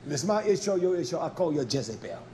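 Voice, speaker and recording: A man's voice: a little high, very animated, fast talker, warm tone, slight background noise. A man preaching a fiery, confrontational sermon, scolding his listeners and firing rhetorical questions at them.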